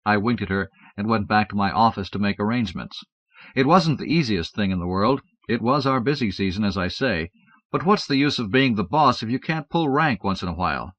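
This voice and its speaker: Man, audiobook narrator, wry matter-of-fact reading, fairly low voice, muffled dry cassette sound. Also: lively intonation, fairly quick, a bit bright, dry recording. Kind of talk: first-person audiobook narration.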